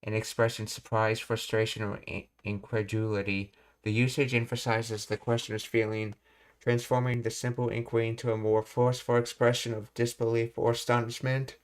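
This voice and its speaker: A man teaching a live language lesson, reading explanations in a measured way and thinking aloud as he works out meanings. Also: mid-range voice, flat delivery.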